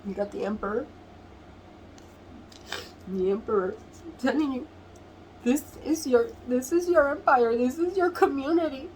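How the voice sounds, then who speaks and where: A woman giving a tarot reading to camera, emotional and earnest, often laughing softly and near tears as she repeats phrases. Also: sits high, moderate pace, pauses often, a little hiss or hum, rough recording. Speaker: tarot reader.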